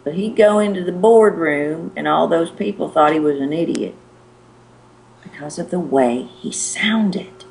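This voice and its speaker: A middle-aged woman, a presentation skills coach, giving animated and emphatic advice as a guest on a show. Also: sits low, measured pace, vocal fry, slight background noise. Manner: animated, emphatic, demonstrates pace with her voice.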